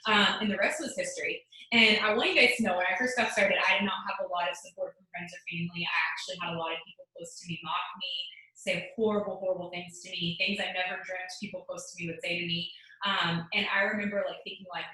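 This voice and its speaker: A woman's voice: medium pitch, sharp tone, very echoey, poor audio. A woman in her late twenties giving an earnest motivational talk on a video call, full of "like" fillers. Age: late 20s. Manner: fast, earnest, many "like" fillers. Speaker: guest speaker.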